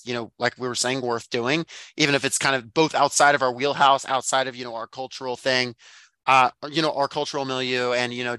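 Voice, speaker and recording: Bright-voiced man musing with fillers. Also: medium pitch, no room sound. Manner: thoughtful, rambling, many fillers and restarts. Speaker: podcast co-host. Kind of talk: casual book discussion.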